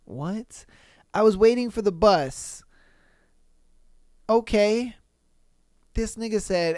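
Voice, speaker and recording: A man hosts a casual podcast, reading listener stories and then reacting. His voice is smooth and clear, with a slow, drawn-out delivery. He is recorded close and dry with no room sound, and he breaks into loud, slangy exclamations of disbelief. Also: high-pitched, no echo. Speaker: podcast host.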